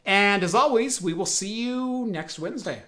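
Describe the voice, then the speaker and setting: A man's voice: high-pitched, animated, moderate pace, fairly bright tone. A man hosting a casual tech podcast from home, rambling with lots of fillers and restarts. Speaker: podcast host. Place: home, broadcasting remote.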